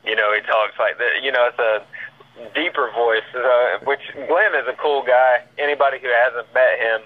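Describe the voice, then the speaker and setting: A man's voice: mid-range voice, normal speed. A man from Georgia with a Southern accent, chatting casually as a podcast guest and saying "man" often. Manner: easygoing, repeats words and fillers like "man". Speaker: guest, paranormal investigator. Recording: tinny phone line.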